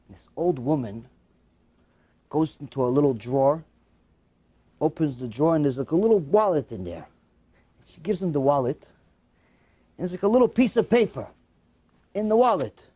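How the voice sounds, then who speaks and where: A man telling a moral story in a sermon, animated and emotional, acting out the voices. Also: a little high, moderate pace, pauses often, slightly rough. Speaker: religious storyteller.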